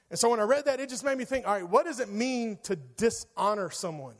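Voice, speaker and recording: A young man, a youth pastor, preaching a casual, animated sermon full of asides and "like". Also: high voice, fast talker, few pauses, big-room sound. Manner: casual, animated storytelling with lots of "like".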